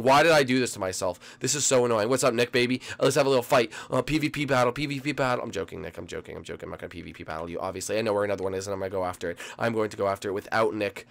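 Gravelly teenage gamer, excitable. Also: male voice, fairly low pitch, very fast, hardly any pauses. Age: late teens. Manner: excitable, swings from mumbling to yelling; addresses viewers as folks. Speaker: gaming video host. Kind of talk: live gameplay commentary.

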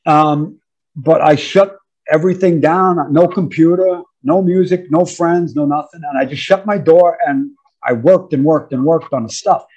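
In a laid-back interview, a guest musician in his fifties from the United States tells stories in a husky voice with a New York accent. His voice is fairly high for a man, his pace is moderate, and the audio is lo-fi. He acts out counts and quoted lines and often slips "man" into his sentences.

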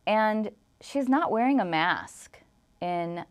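As an interview guest, a young woman from Illinois rambles through an emotional personal story, peppering it with "like" and acting out what others said to her. Her mid-range voice is expressive and she takes her time.

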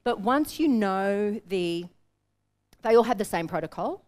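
An Australian woman teaching a room of business owners, brisk and plain-spoken. She drives her points home with quick anecdotes and direct advice. Her voice sits at an ordinary middle pitch. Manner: energetic, direct, storytelling. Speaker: business coach. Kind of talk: workshop teaching. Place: seminar room with an audience.

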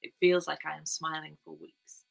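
A young woman reading her own literary piece aloud in a measured, quiet first-person voice. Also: deep voice, little pitch movement, creaky, breathy edge, poor audio. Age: young adult.

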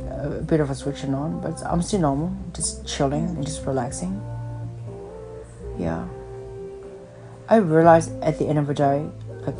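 A woman's voice: deep voice, mellow. A woman hosting a podcast, talking in a rambling, blunt casual chat over the phone and swearing freely. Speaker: podcast host.

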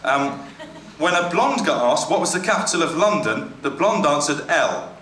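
A man doing live stand-up comedy, reading out jokes in a wry, halting way with lots of fillers and self-corrections. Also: on the high side, lively intonation, very noisy. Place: comedy venue with a live audience. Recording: echoey venue with loud crowd. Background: audience laughter and cheering.

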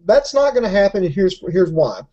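A man from Alabama answers in a dry, deadpan way during a podcast chat. His voice sits high but sounds mellow. The mic is dull and lo-fi, and it picks him up from a little way off. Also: a little fast. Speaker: podcast co-host.

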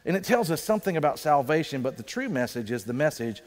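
A male pastor preaching a sermon in a conversational way, slowing down for emphasis. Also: fairly high pitch, very animated. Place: church sanctuary. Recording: reverberant church sanctuary.

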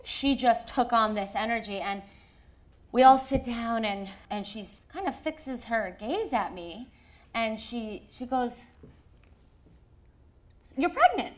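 A woman in her thirties, a guest telling a personal story in a lively, animated way, often laughing. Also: fairly high pitch, unhurried. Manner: lively, acts out quoted voices, laughs often.

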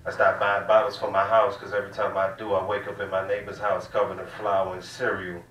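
A man's voice: sits low, little pitch movement, brisk, highs cut off. A man from the American South, doing a loose, profane stand-up set in a small cafe room. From Southern United States. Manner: loose, profane, drawling storytelling. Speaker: stand-up comedian. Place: small cafe room used as comedy venue. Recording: roomy room, distant mic, faint hiss.

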